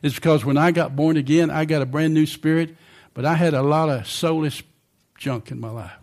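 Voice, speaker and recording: An older male preacher delivering a sermon in a conversational style, checking in with the congregation as he goes. His voice sits a little higher than most men's. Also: brisk, darkish tone.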